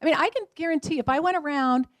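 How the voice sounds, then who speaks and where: A woman in her forties giving a keynote talk at a luncheon, telling lively stories and acting out the voices of the people in them. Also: high-pitched, fast talker, no echo. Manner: lively storytelling, acts out quoted voices. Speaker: motivational speaker.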